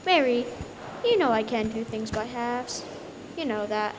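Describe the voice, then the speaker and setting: A woman's voice: fairly high pitch, expressive, a little slow, noisy background. A woman on a school stage playing a regretful, earnest father. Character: guilty stubborn father, man.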